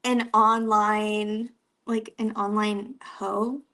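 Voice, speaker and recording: A woman's voice: mid-range voice, flat delivery, very slow, sharp tone. A young woman from Canada with an East Coast accent, chatting casually as an interview guest, giggling often and using many "like" fillers.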